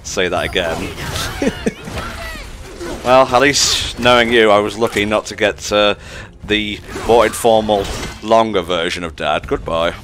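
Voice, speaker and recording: A man's voice: on the low side, unhurried. A man playing a video game and commenting casually, with a dry, teasing sense of humor. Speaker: let's play gamer.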